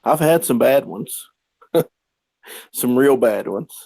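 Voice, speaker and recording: A man's voice: medium pitch, lively intonation, takes it slowly, vocal fry, warm tone, slightly rough, no room sound. A man telling casual, rambling stories as a podcast guest, acting out the quotes. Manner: rambling anecdotes with acted-out quotes. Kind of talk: casual storytelling.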